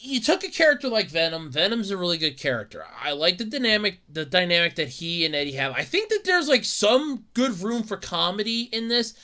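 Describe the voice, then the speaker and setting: Bright-voiced rambling male podcaster. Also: high-pitched, big pitch swings, fairly quick, few pauses. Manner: rambling, repeats himself, stammering restarts. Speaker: podcast host. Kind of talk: casual solo podcast rant.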